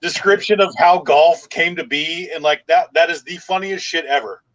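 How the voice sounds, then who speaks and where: A man's voice: fairly high pitch, moderate pace, a bit bright, dull audio. A man hosting a podcast in casual chat, rambling and telling stories loosely. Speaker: podcast host.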